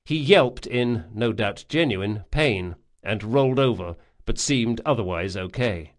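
A man's voice: lowish voice, animated, a little slow, hardly any pauses. A man reading a fantasy novel aloud as a scripted audiobook narration.

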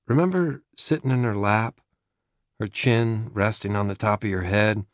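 A man voicing a calm, gentle stranger who talks quietly and unhurriedly to an armed man. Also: fairly low pitch, moderate pace, no room sound, studio quality, natural voice.

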